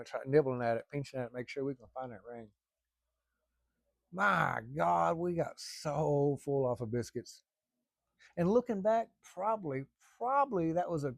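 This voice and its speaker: Middle-aged guy rambling thru a family story, gravelly voice, cusses some. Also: mid-range voice, no room sound, clean studio sound. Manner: rambling, folksy, salty language. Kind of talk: casual spoken storytelling.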